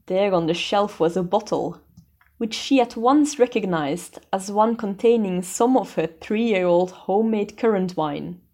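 Slow mellow woman reading a story. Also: fairly low pitch. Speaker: audiobook narrator.

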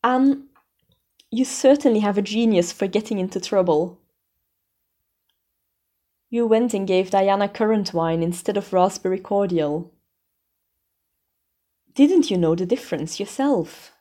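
A woman voicing a stern, brisk older spinster who scolds sharply. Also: mid-range voice, mellow, natural voice. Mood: dry.

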